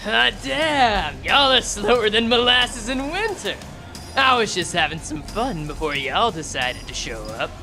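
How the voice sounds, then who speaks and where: Woman doing a folksy Texas cowboy, gruff and cocky, swinging pitch. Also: expressive, measured pace, music in the background. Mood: mocking swagger. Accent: put-on Texas. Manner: drawling Texas twang, folksy cursing.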